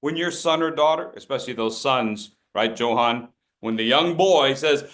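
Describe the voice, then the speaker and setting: A man's voice: mid-range voice, moderate pace, few pauses, fairly bright tone. A man leading an interactive public speaking workshop over a video call, coaching participants by name and acting out gestures with playful voices.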